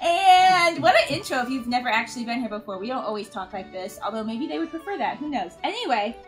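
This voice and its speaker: A chatty woman hosts a relaxed conversation, her voice sitting a little high, often breaking into laughter. Faint music plays softly behind her. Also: fast talker, low-quality recording. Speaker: host. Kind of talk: casual chat.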